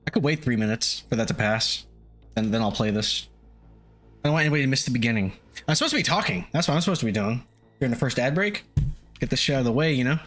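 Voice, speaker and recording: A man's voice: mid-range voice, animated, quick pace, fairly bright tone. A man chatting casually on a live stream, loose and profane, often chuckling as he sets up a game at home. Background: faint lo-fi music.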